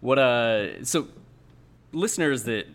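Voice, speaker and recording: A man's voice: mid-range voice, expressive. A man hosting a casual podcast, joking around and stopping often to hunt for words. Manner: joking, halting with fillers. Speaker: podcast host. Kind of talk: casual chat.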